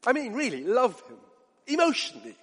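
Male preacher, impassioned sermon, high pitch, swings from loud to hushed, hall reverb. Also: wildly swooping pitch, brisk, slightly rough. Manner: passionate, direct questions to listeners, swings from loud to hushed.

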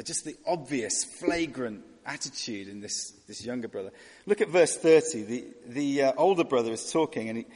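A man delivers a sermon in a chatty, questioning way, slipping into mock voices for the people in his story. His voice is a little husky and swings lively in pitch. It carries a long reverb from a big hall. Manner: conversational, rhetorical questions, voices characters mockingly. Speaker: preacher.

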